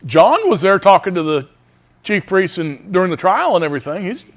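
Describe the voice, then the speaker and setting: A man leads a Bible study, reading scripture aloud with emphasis. His voice sits a little high and moves through a wide, lively range. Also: brisk.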